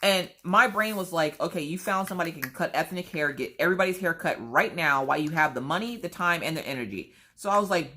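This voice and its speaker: A woman with a low, deep speaking voice tells a story in a casual, chatty way. She acts out the other people's lines as she goes, lifting her pitch for their quoted words. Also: animated, a little fast, pushed and bright. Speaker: crafting vlogger.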